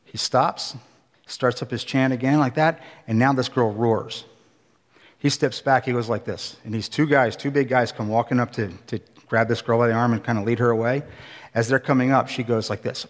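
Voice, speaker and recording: A man preaching a sermon, telling a story in an animated way and acting out the scenes. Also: mid-range voice, normal speed, in a large hall. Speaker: pastor. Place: church hall.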